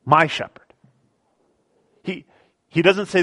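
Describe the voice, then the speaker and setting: Conversational preaching man, slightly higher voice. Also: measured pace, pauses often. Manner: conversational preaching with frequent repeated words and restarts. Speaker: pastor. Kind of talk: sermon. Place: church sanctuary.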